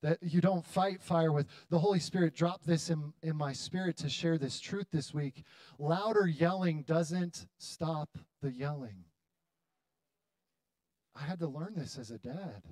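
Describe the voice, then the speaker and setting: A man in his thirties preaching a sermon to his church, building to loud, dramatic appeals with long pauses. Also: fairly high pitch, no echo. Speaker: pastor. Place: church hall.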